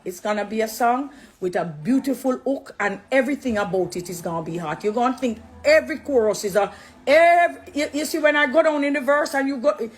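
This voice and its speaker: A middle-aged Jamaican woman talking straight to her viewers, preachy and affectionate, slipping between English and patois. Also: a little high. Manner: warm, preachy, switching into patois. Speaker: dancehall artist turned Christian. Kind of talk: direct address live video.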